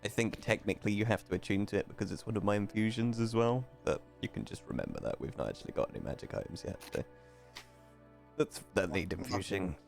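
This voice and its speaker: Low-voiced joking man at a tabletop game. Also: animated, quick pace, creaky, soft background music. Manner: joking, swears casually. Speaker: player. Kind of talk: casual tabletop game chat.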